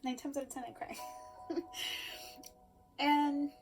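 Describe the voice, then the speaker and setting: A woman giving a personal storytelling speech, emotional, swinging between loud emphasis and hushed asides. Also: sits high, level tone, takes it slowly, faint music behind. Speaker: speaker.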